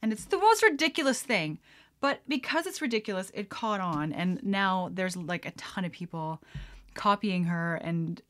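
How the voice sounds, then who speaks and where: A woman's voice: medium pitch, lively intonation, normal speed, fairly bright tone. A young woman hosting a casual podcast at home, chatty and rambling, often breaking into giggles as she talks. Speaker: podcast host. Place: at home, mixing a drink on camera.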